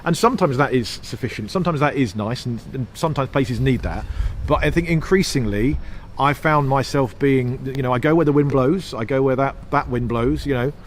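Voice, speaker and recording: A man's voice: mid-range voice, a little fast, hardly any pauses, slight background noise. A man from England, a comedy writer and stand-up, chatting in an interview in long rambling runs, with self-mocking asides and frequent restarts. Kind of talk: casual interview chat.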